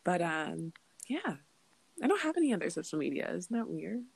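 A woman's voice: fairly low pitch, big pitch swings, normal speed, vocal fry, a little mellow, husky, no room sound. A woman who is a guest on a podcast, chatting casually, giggly and a little hesitant. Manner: giggly, hesitant, self-deprecating. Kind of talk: casual interview chat.

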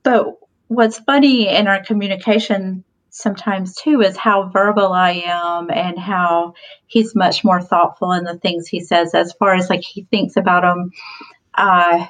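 A woman's voice: lowish voice, fairly even intonation, measured pace, fairly bright tone, rough recording. A woman in her forties, a podcast guest telling stories in a casual chat, talkative with frequent laughs and fillers. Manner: chatty, laughs often, many fillers.

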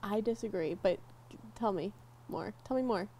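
A young woman co-hosting a casual podcast, animated and quick to laugh, easily moved while telling a story. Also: medium pitch. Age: young adult. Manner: animated, laughs easily, gets teary and emotional. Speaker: podcast co-host. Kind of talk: casual chat.

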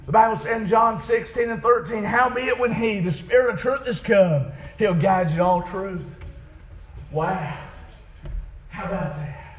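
A male preacher, delivering a rhythmic sermon that swings between soft passages and shouting. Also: high voice, measured pace, echoey room, far from the mic, poor audio. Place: church.

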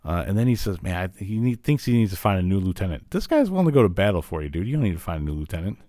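Low-voiced man rambling through a cartoon recap. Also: big pitch swings, rapid-fire, dark tone, no room sound, clean studio sound. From Illinois. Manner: rambling, filler-heavy retelling. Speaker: podcast host. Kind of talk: casual recap of a cartoon episode.

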